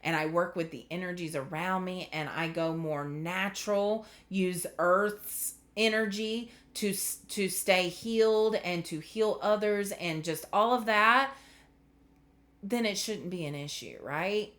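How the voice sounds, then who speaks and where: A woman's voice: fairly low pitch, unhurried, fairly bright tone. A woman giving a casual spiritual tarot reading, chatty and earnest, getting emotional as she talks. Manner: chatty, earnest, trailing off into filler words. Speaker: tarot reader.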